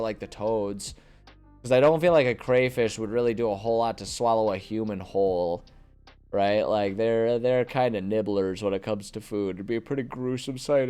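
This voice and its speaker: A man's voice: on the low side, darkish tone, smooth. A man streaming from his desk at home, chatting casually and thinking aloud, rambling and correcting himself as he plans a tabletop campaign. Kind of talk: casual live-stream chat. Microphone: desk microphone.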